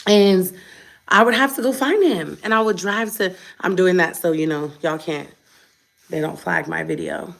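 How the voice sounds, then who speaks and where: A woman's voice: fairly low pitch, normal speed, creaky. Blunt, tired woman vlogger. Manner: blunt, defiant, chatty and emphatic. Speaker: vlogger, mother. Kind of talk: unscripted direct-to-camera rant.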